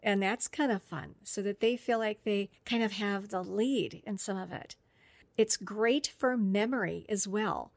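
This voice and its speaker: A woman's voice: medium pitch, measured pace, creaky, no echo. A middle-aged woman, a speech-language therapist, explaining therapy strategies on an instructional podcast in an upbeat, step-by-step way. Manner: explanatory, upbeat, lists steps.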